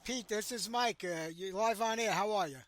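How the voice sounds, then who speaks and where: A man with a fairly high voice hosts a live radio show. He talks loosely and casually, filling the air while he waits on a phone call. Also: moderate pace, fairly bright tone. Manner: loose and chatty, talks through dialing attempts.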